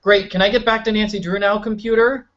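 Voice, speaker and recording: A man's voice: sits high, fairly quick, highs cut off. A man giving casual, joking commentary while playing a mystery video game. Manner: joking, animated, silly voices. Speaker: let's play host.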